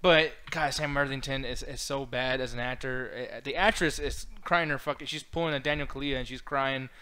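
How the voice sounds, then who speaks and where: Bright-voiced ranting young man. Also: mid-range voice, fairly even intonation, brisk, clean tone. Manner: profane, ranting, laughs often. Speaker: co-host. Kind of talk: casual podcast chat.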